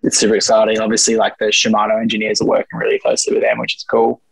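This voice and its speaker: A man's voice: on the low side, monotone, racing, gravelly, husky, dry recording, rough recording. A man chatting on a podcast, hesitant, with lots of restarts and hedging. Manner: hesitant, restarts and hedges a lot. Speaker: podcast co-host. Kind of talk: casual podcast chat.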